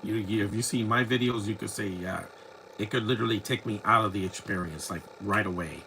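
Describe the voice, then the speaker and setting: Rambling, opinionated man with a bright voice. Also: on the low side, brisk, slight background noise, low-quality recording. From United States. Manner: rambling, opinionated, many restarts. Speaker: movie commentary host. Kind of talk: casual live movie commentary.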